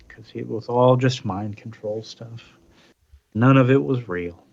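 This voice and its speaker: A man's voice: mid-range voice, measured pace, creaky, darkish tone, dull audio. A man co-hosting a casual podcast, animatedly recapping a comic book story and switching voices for the characters. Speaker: podcast co-host.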